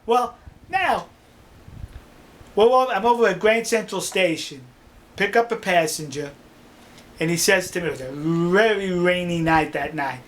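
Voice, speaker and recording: An older man telling stories in a casual, animated way, laughing often and acting out dialogue. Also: high-pitched, measured pace, pauses often. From New York City. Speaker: storyteller. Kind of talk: casual storytelling.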